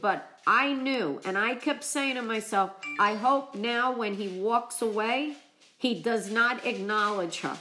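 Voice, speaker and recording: A woman vlogger chatting on a live stream, emotional and choked up from crying, talking haltingly with many restarts. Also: fairly high pitch, bright, forceful tone, a little hiss or hum. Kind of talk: casual live-stream chat.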